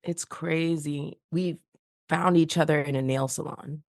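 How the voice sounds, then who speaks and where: A woman's voice: low-pitched, unhurried, dry recording, studio quality. A woman from New York, a podcast guest, telling her story casually and acting out the dialogue. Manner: animated, acts out quoted dialogue.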